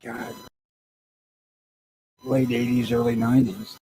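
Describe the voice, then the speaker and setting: A man's voice: medium pitch, little pitch movement, slow pace, mellow, breathy edge, dry recording, low-quality recording. Blunt, grumpy man swearing on a podcast. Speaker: podcast co-host. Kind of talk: casual profane banter.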